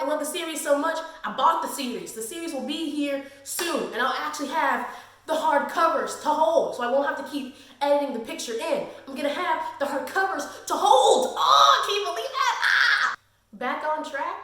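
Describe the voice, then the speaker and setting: A woman giving a casual, gushing book review vlog, full of slang and fangirl excitement. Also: high-pitched. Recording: very echoey room.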